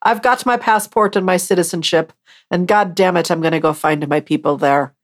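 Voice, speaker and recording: A woman's voice: lowish voice, moderate pace. A woman hosting her podcast, talking on her own in a rambling, chatty and self-mocking way. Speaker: podcast host. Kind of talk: casual solo podcast monologue.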